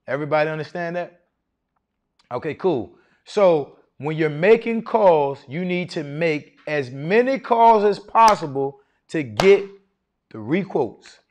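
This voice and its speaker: A middle-aged man lectures a live room, firing questions at the crowd like a preacher. His voice sits a touch high for a man and carries an animated, coaching drive. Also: unhurried. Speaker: masterclass speaker on federal contracting. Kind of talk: live seminar talk to an audience.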